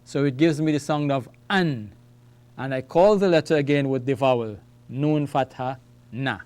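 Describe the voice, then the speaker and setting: A man with a mid-range, darkish, clear and resonant voice teaches an Arabic lesson at a whiteboard at a normal speed. He explains letters and repeats words so students can follow, often ending phrases with "all right?" or "okay?" to check in.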